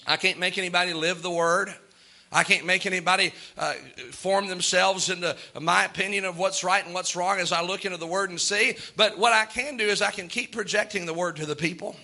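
A man's voice: high voice, fairly even intonation, fairly quick, pushed and bright. A man preaching a sermon from the pulpit, earnest and plain-spoken, rising to fervent outbursts. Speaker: pastor.

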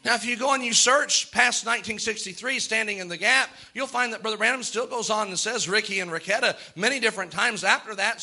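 A man's voice: sits high, bright, forceful tone. A man preaching a sermon from the pulpit, earnest and plain-spoken, rising to fervent outbursts. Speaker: pastor.

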